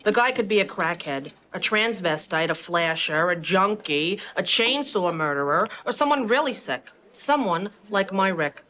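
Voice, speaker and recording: A woman's voice: mid-range voice, lively intonation, moderate pace, few pauses, pushed and bright, slight background noise. An actress playing a blunt, streetwise woman warning about men in film dialogue, in a matter-of-fact listing manner.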